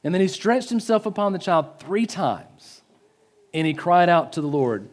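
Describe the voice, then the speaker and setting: A man giving a sermon in a church, swinging from loud pleading to hushed, slow emphasis. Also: fairly high pitch, expressive. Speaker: pastor.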